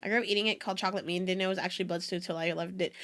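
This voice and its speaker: A woman's voice: fairly low pitch, steady tone, very fast, a bit bright. A young adult woman, a native Spanish speaker, chatting casually with her stream audience, rambling and giggling between asides. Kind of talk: casual reaction-stream chat.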